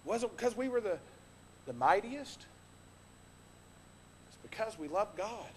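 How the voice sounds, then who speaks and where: Man preaching a sermon, high voice, long church-hall reverb, loud then hushed. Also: expressive, measured pace, slight background noise. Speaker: pastor. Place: church sanctuary.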